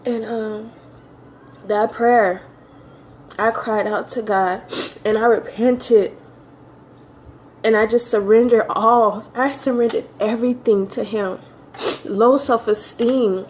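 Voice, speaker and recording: A woman shares her personal faith testimony with earnest emotion. Her voice sits a little high, and she builds her points through repeated phrases. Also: fairly even intonation, slow pace, long pauses, a little mellow, a little hiss or hum.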